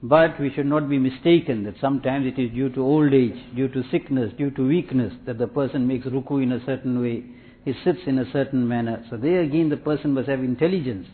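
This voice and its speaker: A man giving a sermon in a measured, repetitive preaching cadence, telling anecdotes. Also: medium pitch. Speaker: Islamic preacher. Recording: tinny phone-like audio.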